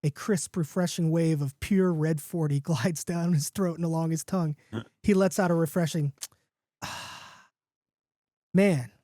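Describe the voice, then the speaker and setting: Man telling a spooky story, dark dry voice. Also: moderate pace, no echo. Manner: casual, animated, jumps to higher pitch for excited characters. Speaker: podcast host reading his own story.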